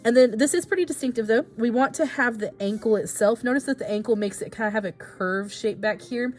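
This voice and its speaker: A woman's voice: fairly high pitch, fairly quick, soft background music. Patient woman teaching a drawing lesson. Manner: patient, explains each stroke, casual asides. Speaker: art teacher. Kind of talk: step-by-step drawing tutorial.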